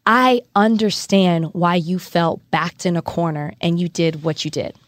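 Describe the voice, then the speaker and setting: A woman's voice: fairly low pitch, fairly even intonation, a little slow, dry recording, clean studio sound. A woman co-hosting a podcast, outspoken and blunt in casual chat. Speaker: podcast co-host.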